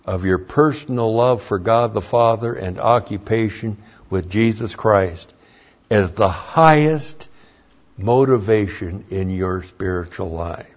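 A man's voice: on the low side, takes it slowly, dull audio. A man preaching a sermon, emphatic and blunt, with mocking asides.

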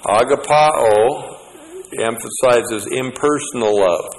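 Man, preacher, sermon, slow delivery, folksy asides, faint background hiss. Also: medium pitch, big-room sound, poor audio. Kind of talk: sermon with scripture reading.

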